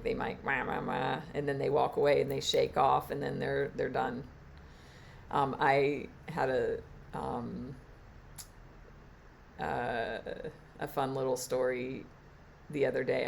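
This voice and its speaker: A woman teacher giving a reflective spiritual talk on a live stream, halting and trailing off with fillers. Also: extremely low pitch, vocal fry, a little hiss or hum. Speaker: meditation and Reiki teacher.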